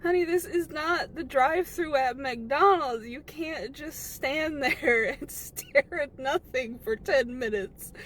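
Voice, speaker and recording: A woman's voice: high-pitched, fairly bright tone, slight background noise. A woman playing a frazzled young sandwich shop worker in a comedy skit, exasperated and incredulous. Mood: impatient. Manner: exasperated, incredulous, talks fast when upset.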